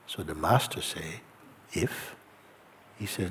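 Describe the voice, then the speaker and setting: Low-voiced man teaching real slow and soft, faint hiss behind. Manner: slow, gentle, soft-spoken with long pauses. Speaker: spiritual teacher. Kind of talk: satsang talk, reading a letter aloud. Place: outdoor gathering with faint ambience.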